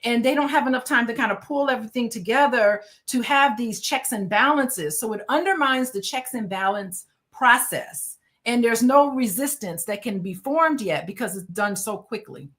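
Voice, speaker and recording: A woman on a discussion panel, explaining a point in a measured way with some fillers. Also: on the high side, a bit bright.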